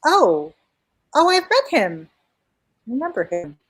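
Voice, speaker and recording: A woman's voice: high-pitched, huge pitch swings, takes it slowly, low-quality recording. A woman playing a new president in a tabletop role-play, speaking hesitantly with many fillers. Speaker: player.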